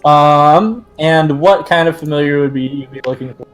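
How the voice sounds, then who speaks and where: High-voiced man running a tabletop game. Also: faint music behind, poor audio. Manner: casual, swears freely, fills pauses with "uh" and "um". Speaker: game master.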